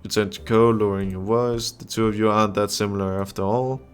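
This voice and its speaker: A man's voice: lowish voice, fairly even intonation, quick pace, clean tone. Young man reading a visual novel aloud. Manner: reads the game text aloud, with frequent laughs and crude asides. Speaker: gamer playing a visual novel. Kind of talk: casual let's-play commentary.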